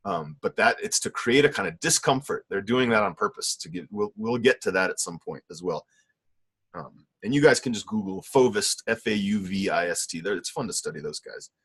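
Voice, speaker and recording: A man's voice: fairly low pitch, lively intonation, fairly quick, fairly bright tone, breathy edge. A middle-aged man teaching an online painting class, critiquing students' work in an enthusiastic, rambling way. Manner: enthusiastic, rambling, with many fillers and self-corrections. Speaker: art teacher.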